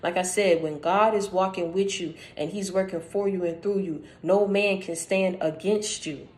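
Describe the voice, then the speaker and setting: A woman's voice: fairly low pitch, steady tone, moderate pace, darkish tone. Woman, channel host, casual spiritual talk; direct, emphatic, repetitive for stress. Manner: emphatic, repeats phrases for stress; conversational, addresses listener directly.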